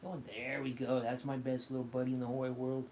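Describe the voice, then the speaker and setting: A man's voice: medium pitch, monotone, quick pace, a little mellow, a little hiss or hum. A young man hosting a casual livestream, coaxing and fussing over his cat in an affectionate voice. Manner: coaxing, affectionate pet talk. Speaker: livestream host.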